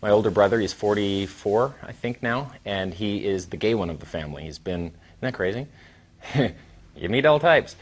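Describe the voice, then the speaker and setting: A man in his thirties giving a casual, rambling seminar talk as a trainer, with sighs and long pauses. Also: fairly low pitch, lively intonation, slight background noise. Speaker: dating coach and trainer.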